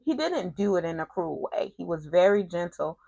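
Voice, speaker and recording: A woman casually recapping a soap opera episode in an animated, sassy way, with slang and quick asides. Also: lowish voice, creaky, no echo.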